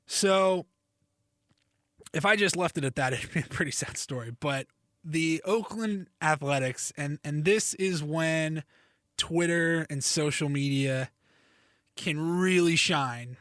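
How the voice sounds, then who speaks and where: A man's voice: fairly high pitch, takes it slowly, a bit bright, dry recording, studio quality. A young man hosting a sports podcast, chatty and self-deprecating. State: slightly hoarse, needs to cough. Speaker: podcast host. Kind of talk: casual sports podcast monologue.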